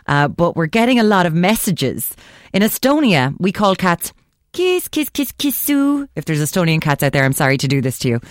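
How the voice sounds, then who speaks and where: A woman's voice: low voice, animated, no echo, studio quality. Chatty Irish woman radio host. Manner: playful, chatty, quick to laugh. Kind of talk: casual radio chat.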